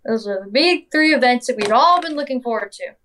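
Chatty young woman with a high voice. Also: expressive, brisk, a bit bright, slight background noise. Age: young adult. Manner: chatty, peppered with "like" and "literally"; acts out quoted dialogue. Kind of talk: casual personal storytelling.

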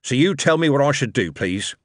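A man voicing a gruff older male tycoon and grandfather who speaks gravely and bluntly. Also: medium pitch, lively intonation, a little fast, dry recording, studio quality, voice pushed up, close to an everyday voice.

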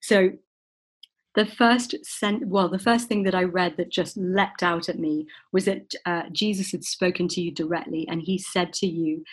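A woman's voice: on the low side, steady tone, moderate pace, slightly rough. A woman hosting a talk show, effusive and gushing as she introduces her guest and asks about her book. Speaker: show host.

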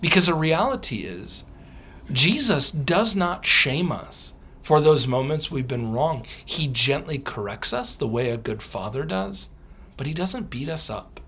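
A male theologian talks on a podcast with a bright, slightly husky voice. His pitch swings widely as he tells stories, and he acts out the people in them and laughs often. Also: big pitch swings, measured pace. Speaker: guest author and theologian. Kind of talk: podcast interview, storytelling answers.

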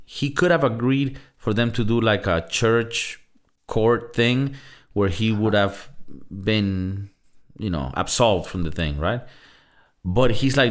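A man with a fairly low voice holds forth in a casual movie review podcast. He jokes, swears freely and keeps things loose. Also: slow pace. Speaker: podcast co-host.

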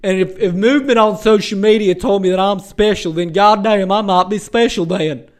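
A defensive, stammering male internet troll, put on by a mocking man, who trips over his filler words while insisting he is special. The voice is loud and pushed, a notch higher than plain talk. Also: normal speed, natural voice. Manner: stammering, self-justifying.

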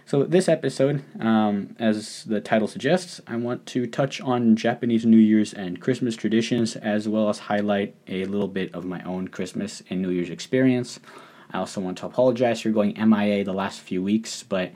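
A man hosting a casual solo podcast, a little hoarse from a recent cold, rambling with many fillers and restarts. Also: fairly low pitch, steady tone, normal speed, warm tone. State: recovering from a cold, slightly hoarse. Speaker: podcast host. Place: living in Japan.

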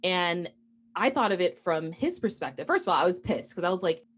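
A young woman co-hosts a casual podcast chat, telling a story in a rambling way with plenty of fillers. Her voice sits a bit low for a woman. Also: lively intonation, fairly quick, slightly rough. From United States. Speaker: podcast co-host.

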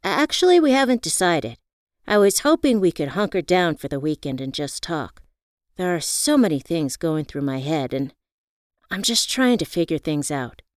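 A woman's voice: low voice, sing-song, normal speed, dry recording, clean studio sound. A woman reading the lines of a confident, glamorous best friend in an audiobook, in an upbeat, affectionate way. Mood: thoughtful.

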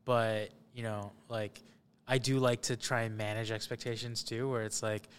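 A man's voice: fairly low pitch, flat delivery, normal speed, clean tone. A man who is a guest on a podcast, talking casually and thoughtfully with lots of "like" and "you know". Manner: thoughtful, hedging, many fillers. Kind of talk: casual chat.

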